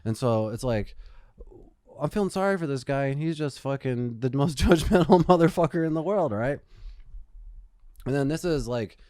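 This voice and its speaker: A man's voice: mid-range voice, expressive, normal speed, pauses often, a little mellow, dry recording, studio quality. Profane rambling storyteller man. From Phoenix, Arizona. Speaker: podcast co-host. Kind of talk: casual chat.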